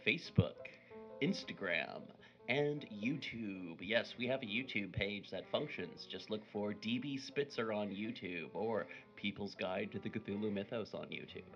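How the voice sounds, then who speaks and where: A man's voice: on the low side, animated, normal speed, a bit bright, highs cut off, faint music behind. A man hosting a podcast, reading sponsor notes and plugs in a playful, theatrical way. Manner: theatrical, playful intro with whispered asides. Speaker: podcast host. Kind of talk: casual podcast banter.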